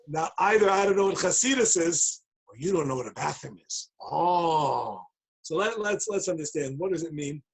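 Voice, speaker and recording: A man's voice: on the high side, animated, moderate pace, husky. A man giving a playful, emphatic Torah talk over a video call, acting out the voices in his story. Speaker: rabbi giving a daily talk. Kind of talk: animated Torah talk with a joke.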